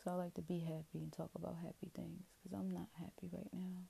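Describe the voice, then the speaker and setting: A woman talking straight to her viewers in a rambling, profane, self-questioning confessional. Her voice is dark and gravelly with heavy vocal fry. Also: on the low side, little pitch movement, brisk, a little hiss or hum. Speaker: vlogger. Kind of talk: candid confessional monologue.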